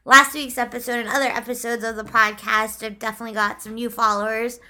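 A woman co-hosting a comedy podcast, upbeat and quick to laugh in casual chat. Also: on the high side, level tone, pushed and bright. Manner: giggly, upbeat. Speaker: podcast co-host.

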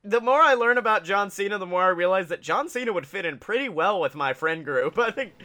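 A young man chatting casually on a podcast about wrestling, animated, laughing often and swearing freely as he acts out other people. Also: sits high, a little fast. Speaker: podcast co-host.

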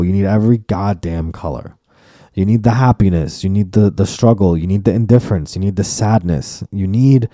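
A man's voice: lowish voice, mellow, dry recording, clean studio sound. A man hosting his own podcast in a casual, profane, rambling solo monologue that turns mock-preachy. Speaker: podcast host and comedian.

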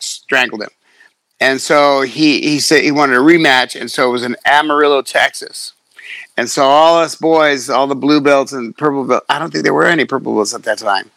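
A middle-aged man, a fighter, telling stories in casual chat, profane and animated, acting out quotes. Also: mid-range voice, dry recording. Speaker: guest, fighter.

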